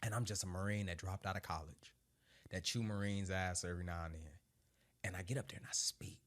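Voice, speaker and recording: With a low-pitched voice and a brisk pace, this former Marine sergeant in his thirties tells his story in conversation. He is energetic, laughs frequently and swears casually.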